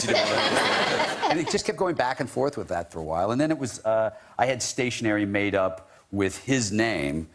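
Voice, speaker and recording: Man telling lively stories over heavy noise. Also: lowish voice, moderate pace. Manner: chatty, laughs through his stories. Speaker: talk show guest. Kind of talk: anecdotal storytelling. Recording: loud noisy studio recording.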